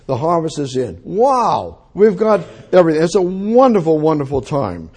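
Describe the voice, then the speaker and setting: A man's voice: a little high, very animated, a little fast, mellow, slightly rough. A man preaching a sermon in an emphatic way, repeating his phrases and breaking into exclamations.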